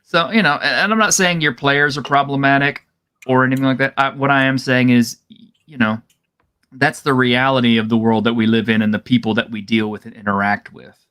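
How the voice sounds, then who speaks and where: Man, mid-pitched voice, rambling, lots of fillers, casual co-host chat, video call. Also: steady tone, brisk, bright, forceful tone, clear, resonant tone. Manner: rambling, many "you know" fillers. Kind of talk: casual discussion podcast.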